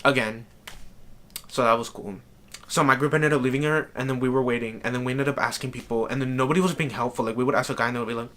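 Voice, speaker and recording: A man's voice: medium pitch, steady tone, fast talker, fairly bright tone. A man telling a rambling storytime vlog, exasperated and full of "like" fillers. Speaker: vlogger. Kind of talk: casual storytime rant.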